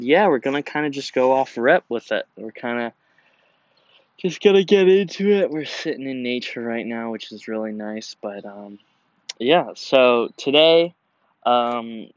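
A young man hosting his own podcast outdoors, telling a story casually in a relaxed, slangy way with lots of fillers and restarts. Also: medium pitch, normal speed, no room sound, dull audio. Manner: laid-back, slangy, many fillers and restarts. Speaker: podcast host. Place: outdoors in nature.

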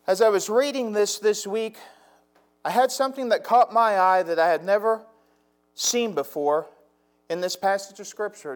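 A man preaching a sermon from the pulpit, his voice sitting high for a man. He draws out key phrases and lets his intensity swell as he presses his points. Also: normal speed. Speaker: pastor.

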